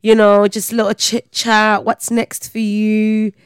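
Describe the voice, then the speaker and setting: A woman's voice: medium pitch, completely flat delivery, a little slow, clear, resonant tone, no room sound, clean studio sound. A young woman co-hosting a podcast in casual chat, teasing and laughing easily. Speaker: podcast co-host.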